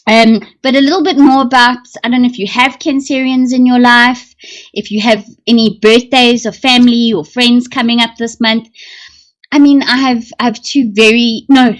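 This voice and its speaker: A woman with a fairly high voice hosts a live stream and chats freely about the stars. She rambles along with plenty of fillers and talks straight to her viewers about their comments. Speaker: livestream host. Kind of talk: casual livestream chat about astrology.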